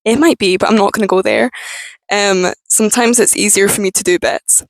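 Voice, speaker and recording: A young woman with a strained, tense voice, talking candidly and with plenty of swearing to camera, with halting restarts. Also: mid-range voice, no echo, poor audio. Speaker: vlogger. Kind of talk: candid personal talk to camera.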